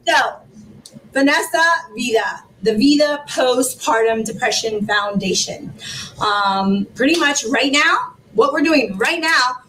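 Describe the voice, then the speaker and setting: A woman in her forties, a guest telling her personal story with animated laughter and emotion. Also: slow, recorded from a distance, a crowd in the background, low-quality recording. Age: 40s. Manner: animated, laughing, rising into high exclaims. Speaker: guest, foundation founder.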